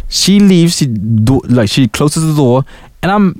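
A man chatting casually on a podcast as a guest, telling stories in an animated, profane way. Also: a little high, measured pace, dry recording, studio quality. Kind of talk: casual chat. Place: podcast studio.

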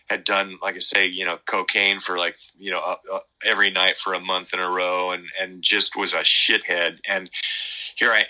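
A middle-aged man talking in a casual interview, rambling and halting with many fillers and restarts. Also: sits low, sharp tone, poor audio. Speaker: guest musician.

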